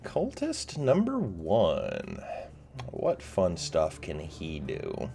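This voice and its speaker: Low-voiced, slow game master. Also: male voice, huge pitch swings, gravelly, warm tone, soft background music. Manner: hesitant, many fillers. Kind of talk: narrating a tabletop game.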